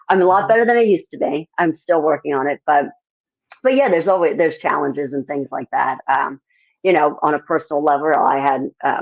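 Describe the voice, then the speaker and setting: A middle-aged woman, a country singer-songwriter, chatting as an interview guest and telling lively stories. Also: deep voice, highs cut off. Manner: animated storytelling, acts out others' voices. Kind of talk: casual interview chat.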